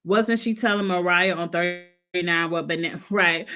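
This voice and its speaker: A woman hosts a loose live-chat recap at a medium pitch, talking bluntly and gossiping freely. Her tone is opinionated and unfiltered. She sounds a little stuffy from allergies. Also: expressive, brisk, few pauses, a bit bright. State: coughing, allergies. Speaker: host.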